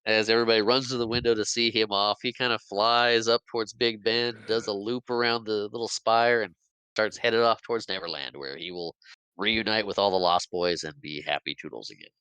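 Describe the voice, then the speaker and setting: Male podcast co-host, chatty animated recap, bright clear voice, dry sound. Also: fairly low pitch, a little fast, dry recording, muffled recording. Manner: chatty, animated retelling with acted quotes. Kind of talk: casual film recap.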